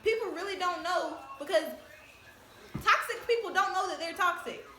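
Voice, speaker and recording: A high-pitched woman speaks quickly and emphatically, lecturing with frequent laughs. Her voice is bright and sharp, and the recording rings around an echoey room. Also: a little hiss or hum. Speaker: host. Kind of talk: casual discussion.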